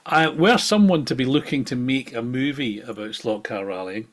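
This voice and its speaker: A man's voice: mid-range voice, moderate pace. Wry, rambling man on a podcast. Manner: rambling, wry and self-deprecating. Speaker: podcast co-host. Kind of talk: casual chat.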